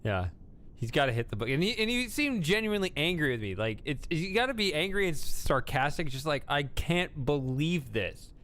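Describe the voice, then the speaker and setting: A man's voice: on the high side, big pitch swings, brisk, fairly bright tone. Man rambling over a game stream. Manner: rambling, musing aloud with trailing asides. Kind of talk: casual live-stream game commentary.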